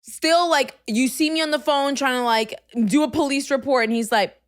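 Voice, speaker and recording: A young woman hosting a podcast, telling a story in casual chat, swinging from hushed asides to loud, exasperated outbursts and using "like" constantly. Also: high-pitched, normal speed. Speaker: podcast host.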